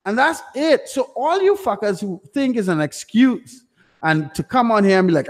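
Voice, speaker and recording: A man's voice: sits high, animated, normal speed, in a large hall. A young man hosting a live stream Q&A, ranting bluntly and swearing constantly at his chat. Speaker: livestream host answering chat questions.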